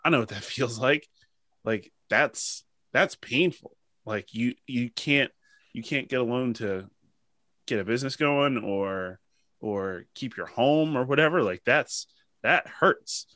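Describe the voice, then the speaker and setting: Speaking unhurriedly at medium pitch, this male podcast host sounds free of room noise. His casual storytelling is emotional and animated, thick with filler words.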